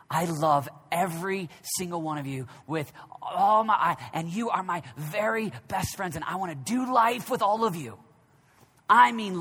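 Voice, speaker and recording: Pastor guy preaching in a big reverby church, high bright voice, goes from hushed to yelling. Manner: swings from hushed, near-whispered reflection to loud, shouted exhortation. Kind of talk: sermon. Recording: long reverb of a large hall.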